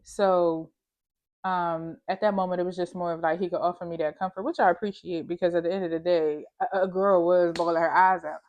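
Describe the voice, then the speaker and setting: A woman's voice: lowish voice, fairly even intonation, brisk, darkish tone, lo-fi sound. A woman vlogger telling a personal story in a candid, slangy, emphatic way, talking straight to the viewer. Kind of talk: casual storytime monologue.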